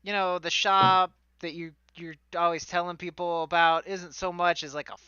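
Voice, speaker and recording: A man's voice: high-pitched, flat delivery, normal speed, bright, forceful tone, clear, resonant tone, dry recording, lo-fi sound. A man acting as game master for a tabletop game, narrating in a rambling way with many fillers.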